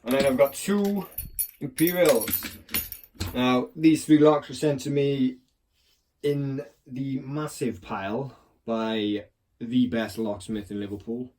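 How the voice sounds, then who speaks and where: A man's voice: medium pitch, takes it slowly, a little mellow. A man chatting casually about picking locks, rambling and swearing with a self-mocking edge, recorded on a clamped phone. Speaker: lock picking hobbyist. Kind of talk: casual chat while demonstrating.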